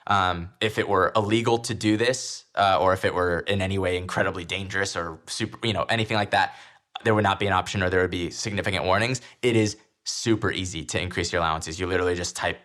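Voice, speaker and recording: A man's voice: low-pitched, steady tone, fast talker, a bit bright. A young man hosting a podcast, talking casually about personal finance with lots of "um"s and easy laughter. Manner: laughs easily, chatty with filler ums. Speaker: podcast host.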